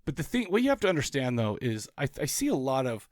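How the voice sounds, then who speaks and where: A man co-hosting a podcast in casual chat, animated and joking. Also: medium pitch, fast talker, no echo, studio quality. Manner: animated, joking, puts on silly quoted voices. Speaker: podcast co-host.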